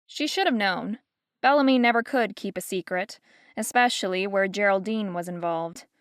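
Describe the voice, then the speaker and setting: A woman narrating an audiobook in an even, measured storytelling manner, close to a studio microphone. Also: mid-range voice, clear, resonant tone, no echo. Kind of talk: scripted narration. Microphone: close studio mic.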